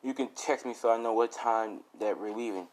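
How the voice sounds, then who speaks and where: A man's voice: mid-range voice, moderate pace, darkish tone, close to an everyday voice. A man doing a shy, apologetic teenage boy.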